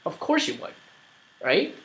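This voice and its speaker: A man's voice: unhurried, a bit bright, poor audio. A man commenting on a played video, argumentative and rambling, with many fillers. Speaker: YouTuber making a response video.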